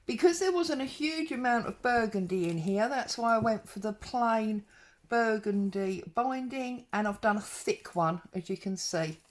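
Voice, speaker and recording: A woman's voice: fairly high pitch, a little slow. A woman hosting a casual show-and-tell craft vlog from home, chatting straight to viewers with ums and asides. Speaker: craft vlogger host.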